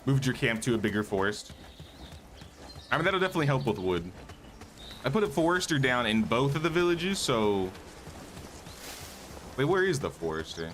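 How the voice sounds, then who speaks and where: A man's voice: medium pitch, very animated, moderate pace, pauses often, a bit bright, a little hiss or hum. A man casually talking through a live game stream, thinking aloud and greeting viewers, his voice a bit worn. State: slightly losing his voice.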